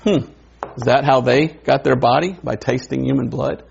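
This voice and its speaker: A man preaching a sermon in a conversational way, wondering aloud and adding quick asides. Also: mid-range voice, steady tone, gravelly, a little mellow, slight background noise. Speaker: pastor. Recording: dull lo-fi recording.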